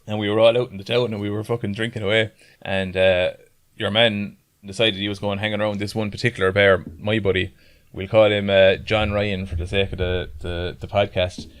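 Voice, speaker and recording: A man's voice: on the low side, level tone, fairly quick, few pauses, smooth. Rambling Irish man telling a story. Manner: rambling, swears often, laughs through his story. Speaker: podcast guest. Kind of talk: casual storytelling chat.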